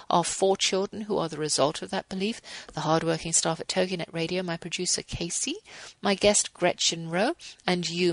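Fifties lady radio host, low gravelly voice, dry close sound, earnest and devotional. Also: no echo, poor audio. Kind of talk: reading aloud and closing remarks.

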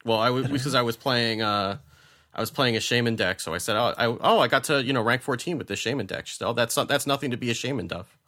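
A man's voice: medium pitch, fast, pushed and bright. A man co-hosting a podcast, chatting casually and making wry asides. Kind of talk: casual chat.

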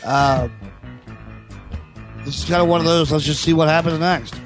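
A man's voice: a little high, fairly even intonation, moderate pace, faint music behind. A man calling in to a talk show, talking in a hesitant way full of ums and you knows. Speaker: caller. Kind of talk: casual call-in opinion.

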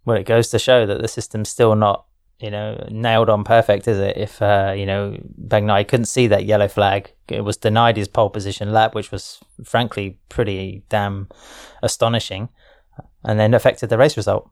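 A man with a fairly low voice hosts a racing talk, pausing often with "um" and "you know". The sound is dry and close. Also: flat delivery, smooth, no room sound. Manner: hesitant, many fillers. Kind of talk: studio discussion.

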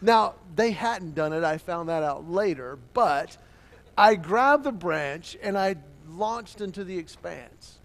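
A man preaching a sermon, telling a childhood story with lively acted-out voices and quotes. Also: sits high, slow pace. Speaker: pastor.

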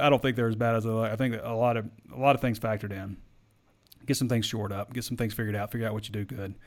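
A man's voice: mid-range voice, fairly even intonation, fast talker. Rambling sports podcast host, man. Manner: rambling, hesitant, repeats himself. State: voice wearing out. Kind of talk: casual chat answering listener questions.

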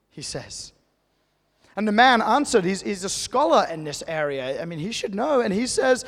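High, gravelly-voiced preacher man in a hall. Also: normal speed. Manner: conversational, animated storytelling preacher. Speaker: pastor. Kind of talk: sermon.

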